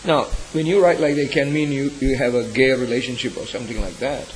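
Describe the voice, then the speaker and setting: A pastor shares a painful experience from his church in an earnest, emotional way. His voice sits at a middle pitch and often climbs sharply when feeling takes over. A faint hiss runs under the recording. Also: steady tone, quick pace, poor audio. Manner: earnest, emotional storytelling with sudden rises in pitch. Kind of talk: personal testimony in a sermon.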